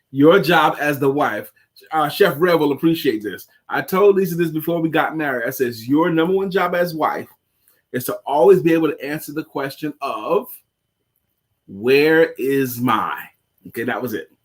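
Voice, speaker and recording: A middle-aged man co-hosting a casual live show, telling a story with halting fillers and restarts, chuckling along. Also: a little high, husky. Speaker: co-host.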